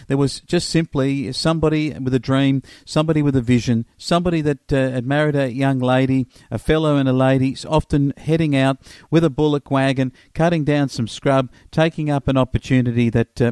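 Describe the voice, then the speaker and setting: A man's voice: medium pitch, a little mellow, dry recording, clean studio sound. A middle-aged Australian man, a radio host, giving a rambling commentary full of filler words. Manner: rambling, many filler uhs.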